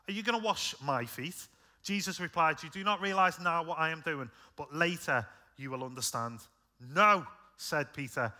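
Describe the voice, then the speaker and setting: A British man preaching a sermon, conversational and earnest, rising in force then dropping soft. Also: on the high side. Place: church.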